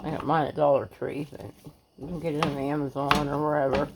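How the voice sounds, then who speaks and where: A woman's voice: low voice, flat delivery, a little fast, gravelly, noisy background. A woman talking casually through a home cooking recipe in her kitchen, chatty and homespun. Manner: chatty, homespun, loose with restarts. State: has the hiccups. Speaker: cooking vlogger. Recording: loud frying sizzle behind.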